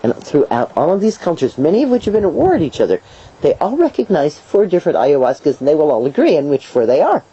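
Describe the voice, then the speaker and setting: Lively woman with a mellow voice. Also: low-pitched, fast, slightly rough. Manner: lively storyteller, acts out voices and laughs. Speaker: herbalist guest. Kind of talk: storytelling interview answers. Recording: dull lo-fi video sound, faint hiss.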